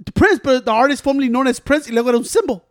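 A man talks rap with his friends, switching between English and Spanish, full of slang and curses. His voice sits high and moves fast. The sound is close and dry. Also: dry recording. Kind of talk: casual chat.

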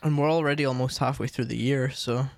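A young man talks casually, wandering through his stories with constant fillers and false starts. His voice sits at an ordinary middle pitch and is recorded dry and close. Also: fairly even intonation, brisk, vocal fry, dry recording. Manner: rambling, frequent fillers and restarts. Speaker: streamer and co-host. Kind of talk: casual chat.

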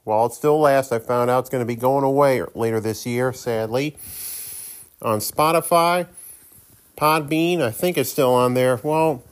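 A man's voice: mid-range voice, normal speed, clear, resonant tone. A man hosting his own podcast from his living room, chatting in a folksy, self-deprecating way. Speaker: podcast host. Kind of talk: casual solo podcast monologue.

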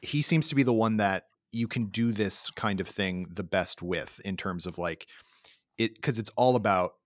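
A man's voice: fairly low pitch, moderate pace, dry recording, studio quality. A man hosting a podcast in an easygoing, joking way with hesitant fillers. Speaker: podcast host. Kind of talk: casual podcast chat.

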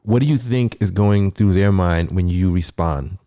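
Male host, deep and mellow, probing interviewer, dry sound. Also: a little slow, dry recording. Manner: asks probing follow-up questions. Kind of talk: casual interview conversation.

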